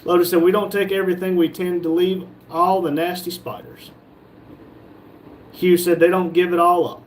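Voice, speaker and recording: A man's voice: high-pitched, little pitch movement, normal speed, a little hiss or hum. A man hosting a live stream from a shop, reading viewers' comments aloud and joking back at them. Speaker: livestream host reading chat. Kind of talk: casual live chat.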